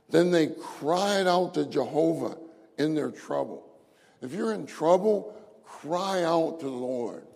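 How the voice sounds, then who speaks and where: A man's voice: fairly high pitch, gravelly, a little mellow. A man preaching a sermon, repeating key phrases for emphasis and reading scripture aloud. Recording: long hall reverb.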